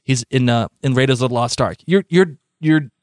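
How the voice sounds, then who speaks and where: Man, podcast co-host, casual animated chat, stumbles and restarts often, dry close sound. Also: mid-range voice, moderate pace, dry recording.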